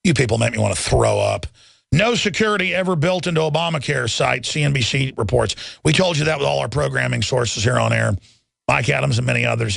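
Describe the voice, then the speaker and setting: Gravelly, ranting male radio host. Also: medium pitch, a bit bright, dry recording. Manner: angry, ranting, repeats himself. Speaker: radio talk show host. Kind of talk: talk radio rant.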